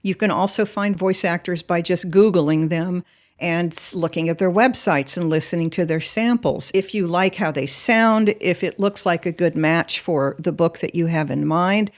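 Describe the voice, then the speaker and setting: A woman's voice: lowish voice, normal speed. A middle-aged American woman, an audiobook narrator, talking informally and upbeat in a professional studio. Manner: chatty, upbeat, explaining. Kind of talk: informal talk to camera.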